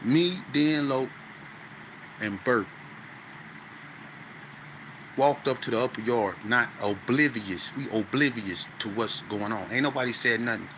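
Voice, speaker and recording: A man, a guest on an interview show, telling a story in an animated, slang-heavy way with stuttering restarts. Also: mid-range voice, moderate pace, background noise.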